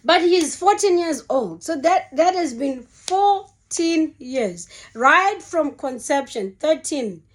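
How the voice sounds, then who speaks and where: A woman's voice: high-pitched, lively intonation, slow pace, few pauses. A middle-aged woman giving an emotional, earnest Christian testimony in a sermon-like way, often repeating her words.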